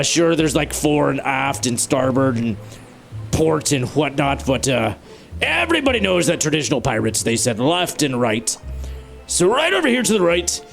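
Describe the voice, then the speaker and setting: A young man giving jokey, self-mocking commentary while playing a survival game. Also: creaky. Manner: animated, playful pitch swings. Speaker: gaming YouTuber. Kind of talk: let's play commentary.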